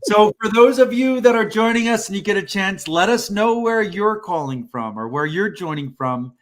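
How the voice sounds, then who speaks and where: A man co-hosting a live job-search show with a slightly higher-than-usual voice. He talks in a loose, casual way and stays blunt and direct, giving advice straight without softening it. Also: expressive, moderate pace. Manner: blunt, direct, self-described band-aid ripper. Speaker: co-host of a military job-search livestream. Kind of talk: casual livestream talk.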